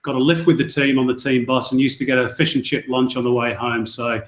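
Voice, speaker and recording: A man talking easily as a guest on a podcast, relaxed and a little self-deprecating. His voice sits in a middle pitch. The sound is roomy with noticeable echo. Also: brisk. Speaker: guest, football commentator. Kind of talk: casual podcast interview.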